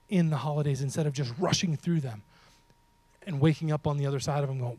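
A man preaching with a mellow, fairly high voice, lively and humorous. He swings between loud lines and near-whispered emphasis, and he talks straight to the congregation. The sound is dry and close. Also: fast, no room sound. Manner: humorous, talks to the audience directly. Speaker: pastor. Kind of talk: sermon.

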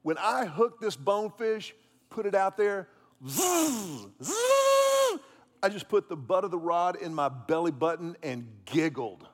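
A man's voice: high-pitched, normal speed, big-room sound. A man preaching a sermon, telling a story casually and with lots of fillers. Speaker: pastor.

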